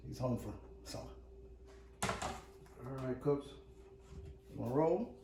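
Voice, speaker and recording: A man's voice: medium pitch, slow pace, echoey room, far from the mic, background noise. A middle-aged man hosting a home cooking vlog in his kitchen, chatty and joking, calling his viewers "cooks".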